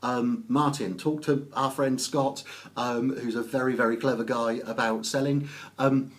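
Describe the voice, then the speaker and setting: A man from Oxfordshire with an English accent, chatting casually on a live stream, greeting viewers by name and pausing often with ums. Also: medium pitch, fairly even intonation. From England. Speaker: business networking author.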